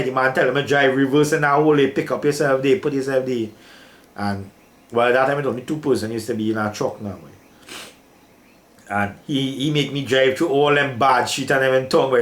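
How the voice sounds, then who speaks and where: A man's voice: medium pitch, echoey room. An older man with a Trinidadian accent tells an emotional story from his working life in a casual, repetitive way, often calling the listener "boy".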